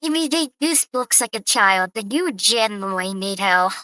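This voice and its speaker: A woman's voice: medium pitch, expressive, moderate pace, sharp tone, no room sound, rough recording. A woman giving casual reaction commentary with blunt, dismissive asides. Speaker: reaction streamer.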